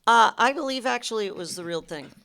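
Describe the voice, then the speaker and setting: An older woman speaking as a film director on a panel, measured and matter-of-fact. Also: a little high, lively intonation, fairly bright tone. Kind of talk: casual onstage panel chat. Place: film center stage before an audience.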